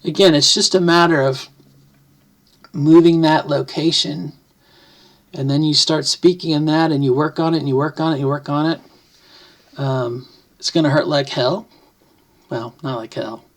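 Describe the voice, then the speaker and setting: A woman's voice: low voice, fairly even intonation, normal speed, long pauses. A middle-aged woman vlogging at home, casually explaining things to the camera and often correcting herself mid-sentence. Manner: rambling, self-correcting, thinks aloud. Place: home, near the kitchen.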